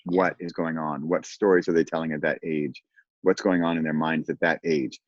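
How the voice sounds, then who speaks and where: A man chatting casually as a guest, animated, laughing often and acting out what others say. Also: extremely low pitch, normal speed, dry recording, highs cut off. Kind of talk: casual conversation.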